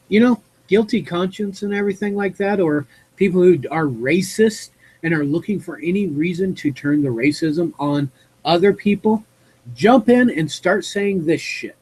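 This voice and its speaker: A man hosting a live stream reads a news article aloud and breaks off to give his opinion. His voice is husky and fairly high for a man. He rambles, fills pauses with "uh", and corrects himself mid-word. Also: darkish tone, rough recording. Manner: rambling, with fillers and self-corrections.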